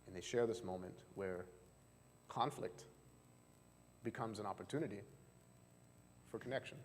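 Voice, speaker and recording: A man's voice: lowish voice, normal speed, slight background noise. Man teaching in a reverberant hall. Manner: chatty, asks the audience questions, frequent fillers. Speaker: marriage and family therapist. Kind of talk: seminar talk to a live audience. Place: church hall.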